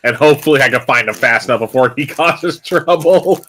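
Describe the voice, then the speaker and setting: A man's voice: medium pitch, brisk, bright, forceful tone. A man playing in a tabletop game, joking and walking through his character's actions step by step. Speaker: player. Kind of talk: casual play talk in a tabletop game.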